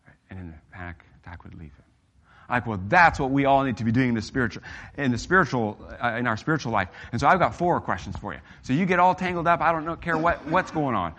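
A middle-aged man delivers a sermon, earnest and emphatic. His tone is bright and forceful, with a mid-range pitch. He lifts his voice for key points and drops it low for others. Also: big pitch swings, quick pace. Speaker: preacher.

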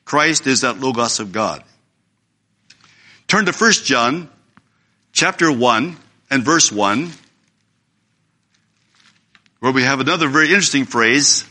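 A man's voice: medium pitch, expressive, slow pace, long pauses, pushed and bright. A man preaching a sermon in an earnest, emphatic way, reading scripture aloud.

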